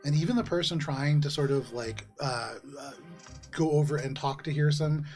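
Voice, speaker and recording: A man narrating a fantasy tabletop game as game master, relaxed and chuckling between descriptions. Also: fairly high pitch, moderate pace, faint music behind. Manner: relaxed, with frequent ums and laughs.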